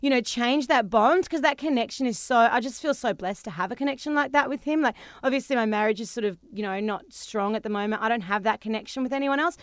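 A woman's voice: fairly high pitch, fast talker, few pauses, dry recording, studio quality. An Australian woman in her thirties, telling a story in casual chat as a podcast co-host. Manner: chatty storytelling, animated.

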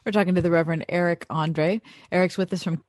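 A woman co-hosting a radio show, asking questions in a relaxed, conversational way. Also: lowish voice, quick pace, dry recording. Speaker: radio co-host. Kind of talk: radio interview.

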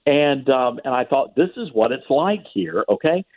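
Animated man on a tinny phone line. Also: medium pitch, moderate pace. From US South. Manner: animated sarcastic storytelling. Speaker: radio commentator guest. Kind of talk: talk radio phone interview.

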